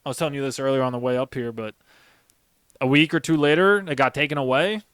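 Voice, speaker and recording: A man's voice: medium pitch, quick pace, a bit bright, smooth, dry recording, studio quality. A young man and former Marine sergeant who hosts a podcast. He tells stories in a rambling, emphatic way and swears heavily. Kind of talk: casual storytelling chat.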